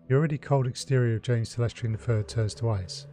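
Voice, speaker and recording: A man hosting a let's play, reading game text aloud calmly with short asides. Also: mid-range voice, fairly quick, few pauses, faint music behind.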